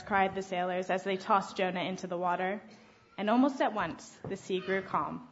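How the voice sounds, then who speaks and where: A woman reading a children's Bible story aloud to a congregation, lively and often laughing. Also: mid-range voice, moderate pace, muffled recording, slight background noise. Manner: lively, laughing, acting out voices. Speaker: storyteller at a church service.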